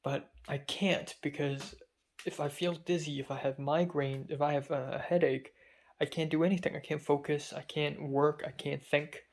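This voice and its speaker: In a slightly high, steady voice at a moderate pace, a young male student talks through a casual spoken diary. Feverish and dizzy, he keeps rambling and hesitating, restarting and filling gaps with fillers.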